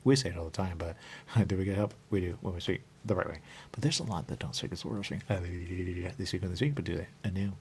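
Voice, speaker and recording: A man hosting a radio show, talking in a rambling monologue that keeps repeating the same catchphrases and jumps suddenly up in pitch. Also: fairly quick, darkish tone, slight background noise.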